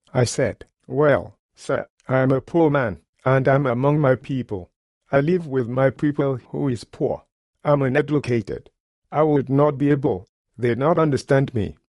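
In a clean studio recording with no room sound, a man gives a sermon testimony, telling his own story earnestly and plainly with colloquial grammar. His voice is medium in pitch and a little mellow.

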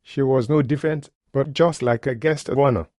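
A man's voice: medium pitch, brisk, a little mellow, dry recording, clean studio sound. A man telling a story in a folksy sermon, speaking in plain, homespun grammar. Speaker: preacher.

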